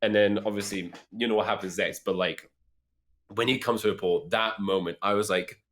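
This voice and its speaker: A man co-hosting a casual podcast, excitedly retelling a movie scene with plenty of swearing. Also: on the low side, a little fast. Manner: animated, excitable storyteller who swears freely. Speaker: podcast co-host. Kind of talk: casual film discussion.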